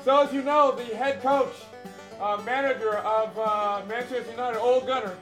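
High-voiced man giving a mock sports update. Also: fairly even intonation, moderate pace, music in the background. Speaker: segment presenter.

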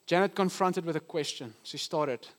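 A man with a notably high voice preaches to his congregation. He teaches earnestly and often slows down to stress a point. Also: a bit bright. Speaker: pastor. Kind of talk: sermon. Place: church.

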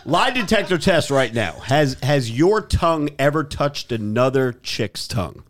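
A man's voice: mid-range voice, big pitch swings, a little slow. A man hosting a podcast in casual banter, crude and teasing. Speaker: podcast host.

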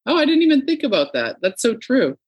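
A middle-aged woman hosting a podcast, telling stories in a casual, animated way and acting out the people she quotes. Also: on the high side, a little fast, breathy edge, lo-fi sound. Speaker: podcast host. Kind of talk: casual interview chat.

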